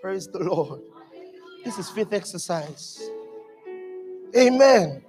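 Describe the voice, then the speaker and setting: Animated high-voiced male preacher. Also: slow pace, long reverb tail, faint music behind. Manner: emphatic, animated preaching with shouted peaks and acted quotes. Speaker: pastor. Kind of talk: sermon. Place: church hall.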